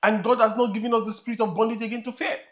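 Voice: mid-range voice, steady tone, racing, a bit bright. A preacher with a Nigerian accent delivering an emphatic sermon and repeating phrases for emphasis.

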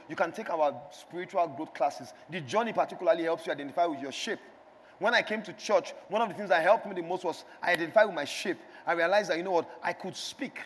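A man's voice: high voice, a little hiss or hum. A man preaching a sermon in a church, urging the congregation to repeat after him. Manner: call-and-response exhortation, rising to shouts. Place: large church hall. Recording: long church hall reverb.

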